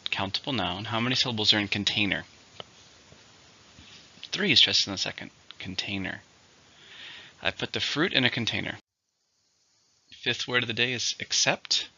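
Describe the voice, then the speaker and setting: A man with a rather low voice and a very bright, sharp tone teaches English vocabulary. He counts syllables, marks the stress and says each word with care. The recording sounds slightly dull and lo-fi. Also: gravelly. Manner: slow, deliberate word drills with example sentences. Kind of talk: vocabulary lesson.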